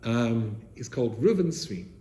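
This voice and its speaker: An older man from England, a rabbi telling stories to seminary students, animated, with rhetorical questions, swinging from loud to soft. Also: mid-range voice, measured pace. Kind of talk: storytelling talk to students. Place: seminary room, indoors. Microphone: camera he set up himself. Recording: echoey room with faint noise.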